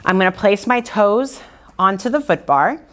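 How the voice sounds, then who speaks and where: A woman's voice: medium pitch, animated, normal speed. Woman cueing a Pilates workout. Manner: encouraging cueing with breathing counts. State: out of breath at times. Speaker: Pilates instructor. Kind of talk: guided workout instruction.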